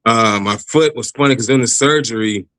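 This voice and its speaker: A man telling his personal faith testimony in a casual interview, animated, laughing often and restarting his sentences. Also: medium pitch, a little fast, dry recording, low-quality recording. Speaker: guest giving testimony.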